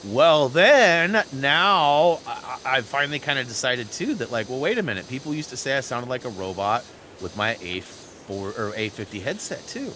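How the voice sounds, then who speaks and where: Speaking at a moderate pace in a mid-range voice, this gaming channel host tells wandering, lively stories over gameplay through a headset mic. He reads the chat out loud along the way, with a bit of background noise present.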